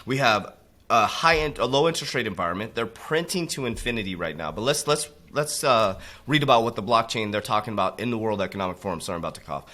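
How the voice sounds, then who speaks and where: A man giving a preachy motivational talk, calling his listeners warriors and dropping low and quiet on those tag words. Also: expressive, fast talker. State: coughing from allergies. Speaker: crypto motivational coach. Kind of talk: motivational monologue.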